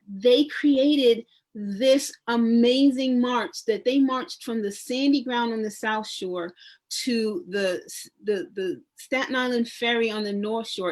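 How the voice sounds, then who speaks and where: Chatty New woman on a panel. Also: a little high. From New York. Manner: conversational, many restarts, lively storytelling. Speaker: public historian and genealogist on a panel. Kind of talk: panel discussion.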